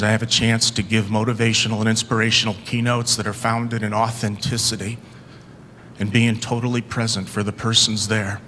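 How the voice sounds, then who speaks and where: A man giving a motivational keynote, telling stories dramatically, swinging from loud to hushed. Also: fairly low pitch, slight background noise. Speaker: motivational speaker.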